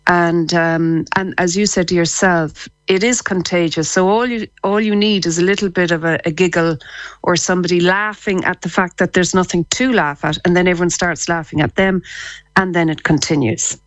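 A woman's voice: fairly low pitch, fairly even intonation, moderate pace, no room sound, rough recording. An Irish woman, a psychotherapist and laughter therapist, explaining her work as a guest on a radio show, laughing easily. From Ireland. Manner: warm, laughing, explains eagerly. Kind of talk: radio interview.

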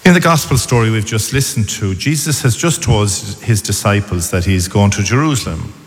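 Priest giving a calm, measured homily, lowish voice, long church reverb. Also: male voice. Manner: measured, calm homily delivery in short phrases. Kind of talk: sermon.

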